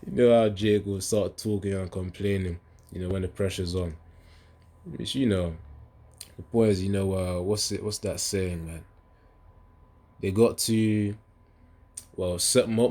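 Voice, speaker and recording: A man with a fairly low voice leads an informal scripture study, talking loosely and stopping often to look for the next passage. When he reads verses aloud, his delivery lifts and presses harder than in his everyday chatter. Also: fairly even intonation, moderate pace, dark tone. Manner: rambling, searching aloud, often says "man" and "hold on". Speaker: bible teacher. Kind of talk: casual scripture study talk.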